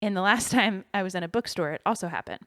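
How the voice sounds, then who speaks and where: A woman's voice: medium pitch, quick pace, fairly bright tone. A young woman co-hosting a casual podcast, chatty and rambling, with giggles breaking in. Her voice sits mid-range and sounds close and dry, with no room echo. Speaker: podcast co-host. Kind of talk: casual chat.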